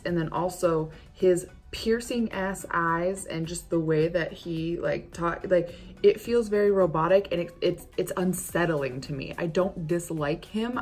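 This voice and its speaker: A woman with a slightly low voice talks through a chatty makeup vlog. She rambles from topic to topic, swears freely and gets defensive. Faint music plays underneath. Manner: defensive ranting. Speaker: beauty vlogger.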